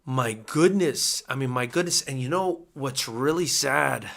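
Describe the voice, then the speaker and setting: An American man gives emotional live commentary to viewers on a boxing companion stream. His bright, forward, gravelly voice sits in an ordinary middle range at a measured pace. He is excitable and keeps repeating his words as he goes.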